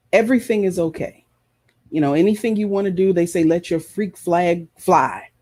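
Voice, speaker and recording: A preacher delivers an emphatic sermon, driving his points home through repetition. His voice is husky and mellow, sitting a little higher than most men's. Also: a little slow. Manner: impassioned, emphatic, repeats phrases. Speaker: preacher and show host.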